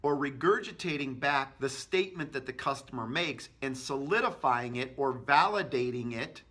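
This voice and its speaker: A man's voice: mid-range voice, lively intonation, moderate pace, sharp tone. A man giving a sales training tip, talking energetically and acting out short agent and customer exchanges. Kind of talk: instructional talk to camera.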